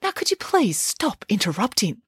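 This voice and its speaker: A woman's voice: medium pitch, wildly swooping pitch, normal speed, a bit bright, slightly rough, dry recording, exaggerated voice. Woman doing an opinionated pig nanny, grand, emphatic, storybook reading, dry sound. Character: opinionated, self-assured female pig nanny.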